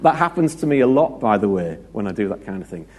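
A British man gives a relaxed, conversational sermon in a low voice. His tone is mellow and a little husky, and he keeps it light with jokes, stories and asides to the congregation. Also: fast. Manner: chatty and joking, with anecdotes and asides to the congregation. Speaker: preacher.

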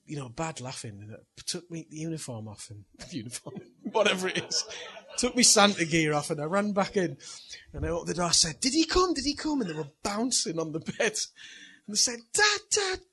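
Chatty pastor, husky voice. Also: male voice, a little high, pushed and bright. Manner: chatty storyteller, laughs at own story. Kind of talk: sermon with personal anecdote.

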